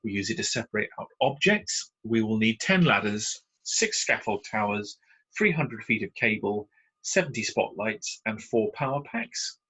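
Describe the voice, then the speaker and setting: A man with a British accent teaching punctuation in a recorded slide lesson, explaining patiently with frequent pauses and fillers. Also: lowish voice, very animated, sharp tone, breathy edge, rough recording. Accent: British English.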